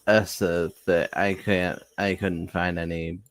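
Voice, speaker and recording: A man's voice: sits low, flat delivery, takes it slowly. A young man chatting casually on a stream in a jokey way. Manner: jokey, laughs a lot. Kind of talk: casual chat.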